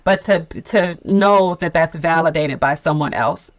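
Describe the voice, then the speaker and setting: A woman's voice: deep voice, a little slow, no room sound. Candid, laughing woman in her 50s. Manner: candid, expressive storytelling with frequent laughter. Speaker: nonprofit leader on sabbatical fellowship. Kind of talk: podcast conversation.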